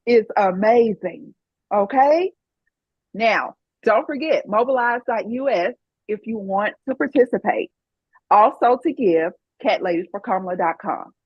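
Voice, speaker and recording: A woman hosting a call in a chatty, excitable way. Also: a little high, slightly rough, dry recording, lo-fi sound. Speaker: event host.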